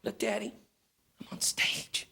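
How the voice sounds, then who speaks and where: A man's voice: a little slow, whispered, close to an everyday voice. A man quoting a sweet little girl of six. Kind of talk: stand-up comedy. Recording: live club, crowd laughter and noise.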